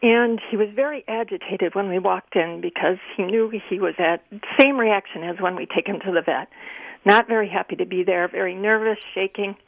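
A woman's voice: medium pitch, a little fast, creaky, dry recording. A woman calling in to a radio show, eagerly telling personal stories. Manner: eager, chatty storyteller. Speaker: caller. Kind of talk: phone-in story telling. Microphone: telephone. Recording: tinny phone line.

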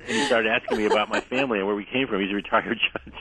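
A man guest on a radio show telling long anecdotes in a rambling way, losing his voice and clearing his throat often. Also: on the low side, fast talker, fairly bright tone, slight background noise. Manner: rambling anecdotal storyteller, frequent restarts. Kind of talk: radio interview, storytelling. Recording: dry narrow phone-line sound.

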